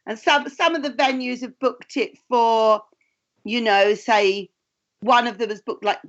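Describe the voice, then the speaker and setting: A woman's voice: a little high, a bit bright. Chatty English woman, muffled sound. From England. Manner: chatty, rambling with restarts and asides. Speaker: tarot reader and actress, co-host. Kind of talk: casual chat.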